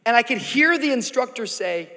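A man preaching a sermon as pastor, dramatic and building to shouts in a large church auditorium. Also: extremely high pitch, lively intonation, moderate pace. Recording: church hall reverb, faint music.

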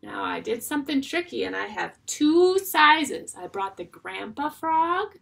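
A woman teaching an online music class for young children, talking in a slow, sing-song way with drawn-out phrases. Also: fairly high pitch, big pitch swings, creaky, a bit bright.

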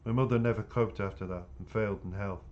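A man reading the part of a calm, self-assured teenage boy who reassures his friend in a steady, matter-of-fact way. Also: lowish voice, fast, lo-fi sound, natural voice. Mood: sombre. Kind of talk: audiobook character reading.

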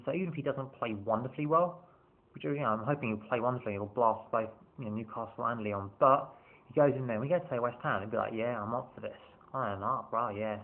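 A man's voice: mid-range voice, gravelly. Man, football fan vlogger, rambling casual chat, frequent restarts, tinny phone-like audio. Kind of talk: casual rambling match preview.

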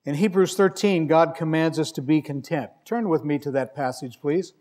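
A man preaching a sermon in a fairly high voice. His delivery is conversational and wry, and he leans hard on key words when he reads scripture aloud. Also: normal speed, a little mellow. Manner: wry, conversational storytelling with emphatic scripture reading.

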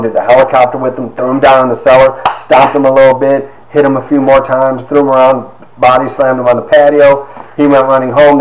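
A man in his fifties giving a personal testimony, halting with fillers and acting out quoted dialogue. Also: mid-range voice. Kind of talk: personal storytelling talk. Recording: roomy echo.

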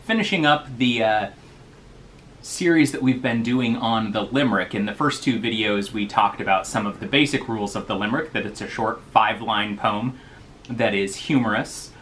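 Bright-voiced man teaching poetry. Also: lowish voice, a little hiss or hum. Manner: explains slowly, tapping out rhythms. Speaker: poetry reading host. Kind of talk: casual teaching talk.

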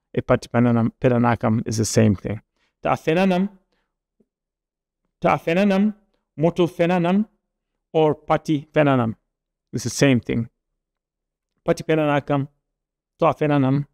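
Gravelly-voiced man teaching a language lesson. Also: medium pitch, a little mellow. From Niger. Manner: patient explaining with frequent repeats and restarts.

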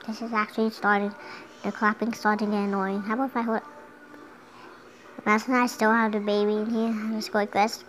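A woman's voice: mid-range voice, level tone, a little fast, low-quality recording. A young girl casually talking through a game at home, chatty and giggly, sometimes humming along. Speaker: gameplay commentator. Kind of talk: casual gameplay commentary. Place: home room.

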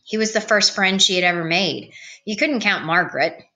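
A woman reading a novel aloud as an audiobook narrator, in a calm, even read-aloud manner. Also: medium pitch, normal speed. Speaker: audiobook reader. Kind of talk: storybook narration.

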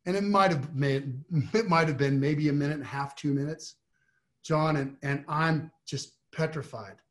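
A man, a trial lawyer, telling a story in a panel discussion, animated, with frequent restarts and rising emphasis. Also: on the high side, normal speed.

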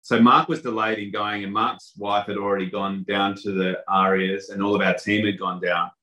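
Man, low bright voice, rambling anecdotal interview guest. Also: level tone, moderate pace, low-quality recording. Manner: anecdotal, lots of fillers and restarts. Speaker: hotel industry guest. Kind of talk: casual interview storytelling.

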